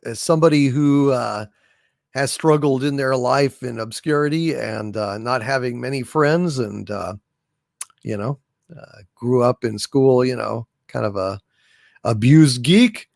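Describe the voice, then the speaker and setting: A man hosting a livestream, reading out viewer messages in a halting, sincere way with many pauses and repeats. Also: mid-range voice, vocal fry, darkish tone, no room sound, studio quality. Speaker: livestream host reading super chats. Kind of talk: casual livestream chat.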